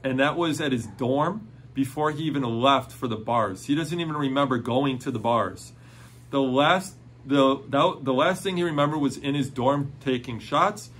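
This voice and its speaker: A man telling a personal faith testimony in an excited, storytelling way, full of "like" fillers. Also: mid-range voice, normal speed, husky.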